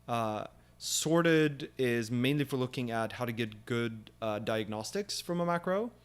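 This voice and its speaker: A young man leads a live programming session and talks through his reasoning as he goes. His speech is loose and unscripted, full of pauses, fillers and quick restarts. His pitch sits in the middle range for a man. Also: animated, clean tone. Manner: thinking aloud with many fillers. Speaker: programming stream host. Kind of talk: live coding walkthrough.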